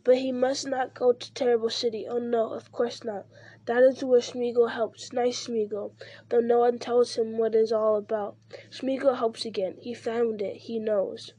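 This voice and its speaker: A woman's voice: on the high side, flat delivery, warm tone, husky, dry recording. A woman reading aloud and voicing a wretched, sly male creature who hisses and wheedles. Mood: wheedling. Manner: hissing, wheedling, slow.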